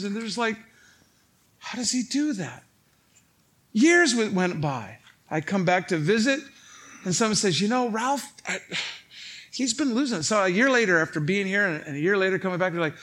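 A male pastor preaching a sermon, telling stories in an animated way and acting out other people's lines, laughing at his own stories. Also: high voice.

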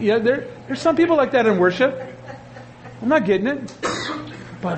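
A pastor preaching a sermon, animated, with his voice jumping up for emphasis and asides to the congregation. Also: sits high, brisk, a little hiss or hum, low-quality recording.

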